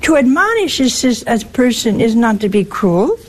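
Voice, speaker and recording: A woman's voice: fairly high pitch, big pitch swings, normal speed, rough recording. A woman giving a spiritual teaching talk, wry and teasing, with emphatic turns. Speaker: religious speaker.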